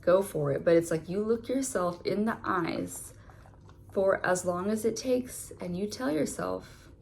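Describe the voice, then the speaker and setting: Tarot reader, woman, chatty and loose, gravelly fry in her voice, casual delivery. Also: mid-range voice, a little slow, darkish tone, a little hiss or hum. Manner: chatty, many filler words.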